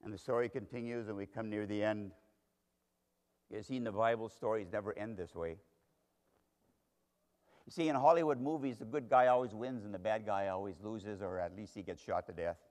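A man's voice: fairly low pitch, moderate pace, long pauses, a little mellow. A man preaching a sermon, telling a Bible story dramatically and speaking straight to its characters. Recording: long hall reverb.

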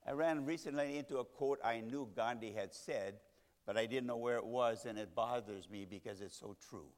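A man preaching a sermon, swinging between loud emphatic lines and hushed soft ones. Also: medium pitch. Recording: long reverb of a large hall.

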